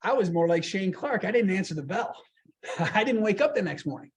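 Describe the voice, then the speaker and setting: A middle-aged man giving a storytelling speech at a club meeting, lively and anecdotal, acting out the people in his stories. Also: high voice, brisk. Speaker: guest speaker. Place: meeting room.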